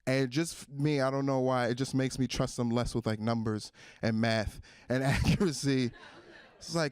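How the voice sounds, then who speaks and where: A man doing a stand-up comedy set on stage, animated and acting out characters in a high squeal. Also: normal speed, clear, resonant tone, dry recording, clean studio sound. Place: stage in front of a live audience.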